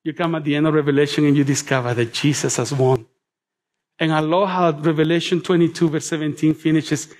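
Male preacher, high-pitched, lively and conversational, joking with the congregation, then quiet and prayerful. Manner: animated, chatty, humorous asides to the congregation; drops to soft, slow prayerful tones. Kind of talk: sermon. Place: church.

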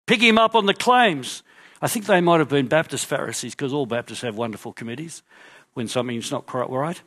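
Preacher, male, high-pitched, storytelling sermon delivery with hushed asides. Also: animated, moderate pace. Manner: storytelling, acting out the crowd and drops to quiet asides. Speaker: pastor.

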